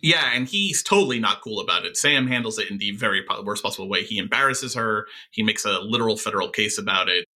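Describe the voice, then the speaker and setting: A man co-hosting a podcast, talking through a TV episode in a thoughtful, halting way with frequent fillers. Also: lowish voice, animated, pushed and bright. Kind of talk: casual recap discussion of a TV episode.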